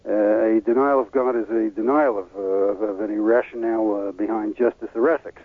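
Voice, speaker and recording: A man giving an explanatory lecture as a religious teacher, halting often with fillers and restarts. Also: fairly low pitch, steady tone, no room sound. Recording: tinny phone-line radio audio.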